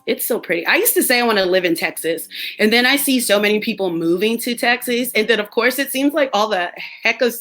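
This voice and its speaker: Young US woman streamer, chatty and animated, slightly high voice, laughs a lot. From United States. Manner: animated storytelling, laughs often, mimics others. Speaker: live stream host. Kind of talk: casual chat.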